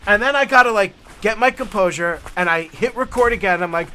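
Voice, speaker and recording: A man's voice: high voice, fairly quick, a little hiss or hum. Middle-aged man chatting on a forest hike. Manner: relaxed, rambling, with many restarts and amused asides. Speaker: vlog host. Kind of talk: casual storytelling while hiking. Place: outdoors on a forest trail. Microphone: camera mic, walking.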